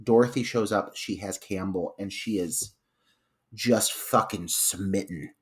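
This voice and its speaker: A man's voice: sits low, measured pace. A man co-hosting a podcast, chatting about a film with enthusiastic, profane jokes. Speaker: podcast co-host. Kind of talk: casual film discussion.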